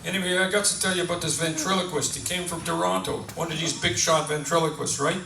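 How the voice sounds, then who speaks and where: A man spins folksy stand-up jokes. His gravelly, fairly high voice is picked up from a distance in a roomy space. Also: fairly even intonation, quick pace. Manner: rambling, folksy storytelling. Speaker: comedian. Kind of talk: stand-up joke telling. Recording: roomy, distant mic, faint noise.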